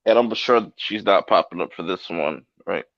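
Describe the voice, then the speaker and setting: A man's voice: deep voice, normal speed, dry recording, lo-fi sound. A man on a casual chat panel, blunt and offhand, with slangy remarks. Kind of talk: casual late-night chat.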